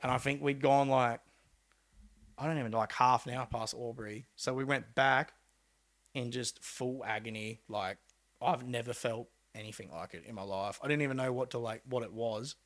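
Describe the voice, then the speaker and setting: A young Australian man, a pro mountain biker, telling a story in a casual, animated way, acting out quotes with laid-back slang and swearing. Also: medium pitch, normal speed. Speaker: podcast guest, pro mountain bike rider.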